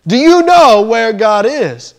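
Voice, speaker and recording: A man voicing a huge, intimidating male pastor who questions a child in a slow, booming voice, within a sermon story. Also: big pitch swings, heavily acted. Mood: stern.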